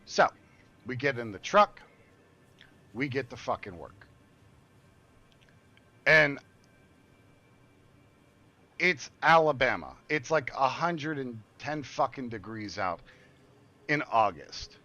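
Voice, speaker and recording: A man's voice: medium pitch, lively intonation, slow, pauses often, sharp tone, no room sound, highs cut off. Profane older man telling a rambling story. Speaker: gaming streamer. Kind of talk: casual storytelling while gaming.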